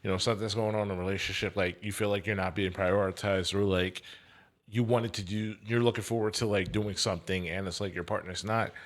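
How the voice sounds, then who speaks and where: Man, podcast guest, casual chat, measured, hesitant, fairly low pitch. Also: fairly even intonation.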